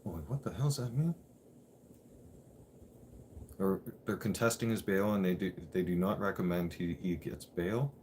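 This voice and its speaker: Deep-voiced man telling his story. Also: moderate pace, long pauses, darkish tone, slight background noise. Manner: candid, swears freely, repeats "I'm like". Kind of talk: casual personal storytelling.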